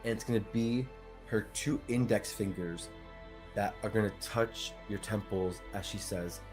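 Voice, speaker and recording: Low-voiced man narrating a tabletop scene. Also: over music. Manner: descriptive, unhurried narration with fillers. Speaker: player. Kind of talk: actual-play narration.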